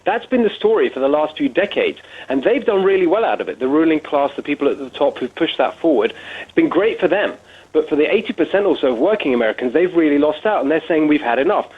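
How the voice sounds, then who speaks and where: A man's voice: fairly high pitch, animated, quick pace, husky. A man with a British accent, a guest author being interviewed on radio, laying out his points in articulate lists. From Britain. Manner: articulate, listing points in runs. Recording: phone line.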